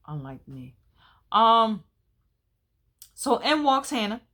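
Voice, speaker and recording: A woman in her thirties talks through a TV drama episode in a loose, colloquial manner. She sounds chatty and opinionated, with a voice sitting at an ordinary middle pitch for a woman. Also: lively intonation, measured pace, long pauses. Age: 30s. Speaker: TV episode recap host. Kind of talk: casual recap chat.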